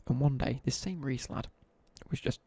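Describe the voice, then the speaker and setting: A man's voice: mid-range voice, normal speed, gravelly, dark tone, slightly rough, no room sound. A young man with a British accent telling laddish school stories in casual live-stream chat while gaming. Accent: British English. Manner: chatty, laddish anecdotes with slang, asides while gaming.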